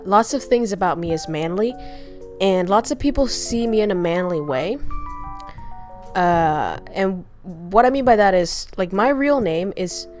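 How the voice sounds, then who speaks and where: Frank, foul-mouthed woman streamer chatting. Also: mid-range voice. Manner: frank, crude joking, laughs often. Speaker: VTuber streamer. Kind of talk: casual Q&A chat.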